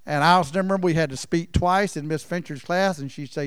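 Folksy preacher, dry sound. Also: male voice, a little high, fairly quick, clear, resonant tone, no echo. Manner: folksy storytelling, swings from loud emphasis to near-whispers. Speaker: pastor. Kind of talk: sermon.

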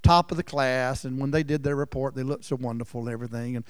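A man preaching a sermon in a folksy storytelling way, swinging from loud emphasis down to near-whispers. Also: mid-range voice, fairly even intonation, fast talker, clean tone, no room sound, studio quality. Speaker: pastor.

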